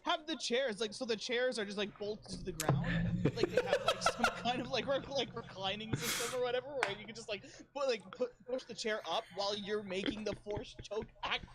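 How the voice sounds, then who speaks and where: A woman's voice: fairly high pitch, brisk, few pauses, a loud crowd. A woman co-hosting a podcast in casual chat, laughing often and asking curious questions. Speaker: podcast co-host.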